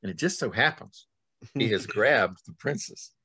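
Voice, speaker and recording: Male author guest, middle-aged, animated yarn-spinner, dry close recording. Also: on the low side, normal speed, husky, dry recording. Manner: lively, acts out scenes with sudden loud and soft swings. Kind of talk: animated storytelling in conversation.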